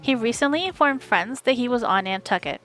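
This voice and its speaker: A woman reading an audiobook, voicing a pushy, self-absorbed rich young woman in a slow drawl. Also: on the high side, animated, a bit bright, soft background music, pitched above the performer's own voice, rough recording.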